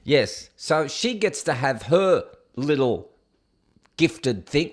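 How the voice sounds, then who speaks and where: A man hosts a casual news show in a sarcastic, scoffing tone as he rants about each headline. His voice sits a little high. It swings up and down a lot as he reacts. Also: big pitch swings, takes it slowly. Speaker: show host. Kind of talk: casual news commentary rant.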